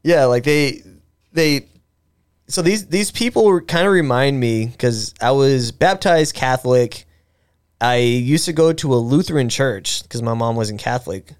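Young guy podcasting, smooth clear voice, rambly storytelling with lots of ums and cussing. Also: medium pitch, unhurried. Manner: recounts history loosely, with filler words, restarts and profanity. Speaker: podcast co-host. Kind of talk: casual conversational storytelling.

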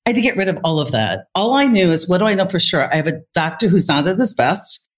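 Lively woman telling stories as a guest. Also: fairly low pitch, fast talker. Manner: animated storyteller who acts out quoted dialogue. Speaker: interview guest, therapist and speaker. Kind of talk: storytelling in conversation.

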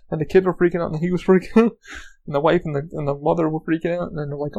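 A man's voice: fairly high pitch, fairly even intonation, racing, creaky, darkish tone, low-quality recording. A man hosting his own podcast, rambling through a casual story with lots of swearing, fillers and restarts. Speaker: podcast host. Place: lives in Orlando, Florida.

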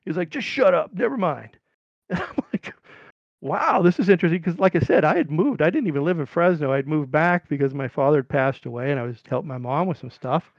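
A middle-aged man from California casually telling a long, rambling story, his voice jumping up high when he quotes people. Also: expressive, quick pace, hardly any pauses, dry recording, dull audio. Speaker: podcast guest.

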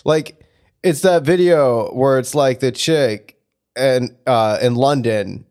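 A man's voice: medium pitch, slow pace, a little mellow. Chatty podcast man. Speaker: podcast co-host. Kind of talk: casual chat.

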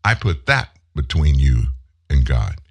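A man in his seventies hosting a show, telling a personal story in an earnest, heartfelt way and pausing for emphasis. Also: rumbling low, very animated, slightly rough. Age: 70s. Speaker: show host. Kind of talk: personal monologue on a live commentary show.

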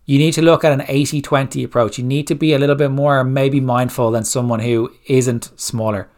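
A man's voice: medium pitch, steady tone, brisk, a little mellow. A man hosting a solo coaching podcast, giving blunt, direct fat-loss advice and firing off rhetorical questions. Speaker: fitness coach, podcast host.

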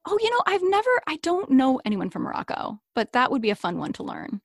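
A woman chatting in an interview about her work as a story coach and podcaster, talking in a lively, playful way and laughing often. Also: high voice, fast, no echo, clean studio sound. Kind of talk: casual interview chat.

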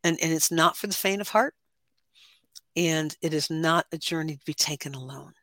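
A woman with a bright, forceful tone talks candidly as a podcast guest. Her voice sounds close and dry. She is earnest and reflective, and she often circles back on her words. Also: sits low, moderate pace, dry recording. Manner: earnest, reflective, repeats words when emotional. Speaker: guest, life coach and author. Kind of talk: candid interview conversation.

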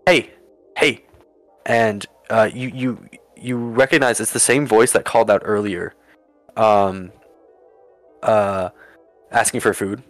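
A man's voice: on the low side, fairly even intonation, unhurried, long pauses, dry recording, soft background music. A man narrating a tabletop game as game master, with many restarts and fillers.

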